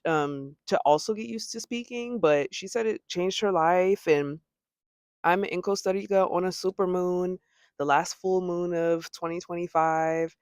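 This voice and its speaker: A young American woman talking casually to the camera in a vlog, chatty, with laughing asides and lively quoting of her own thoughts. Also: sits low, dry recording, studio quality. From United States. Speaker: vlogger. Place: home abroad.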